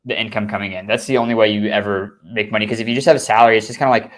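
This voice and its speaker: A man's voice: lowish voice, steady tone, very fast. A young man co-hosting a casual podcast, speaking in a laid-back way, often trailing off and restarting his sentences. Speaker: podcast co-host.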